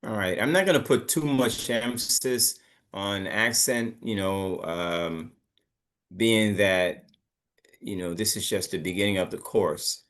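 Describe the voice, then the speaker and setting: Man teaching pronunciation, low voice. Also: a little slow, a bit bright. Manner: coaching, repeats words for students to copy. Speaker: English teacher. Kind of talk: online pronunciation lesson.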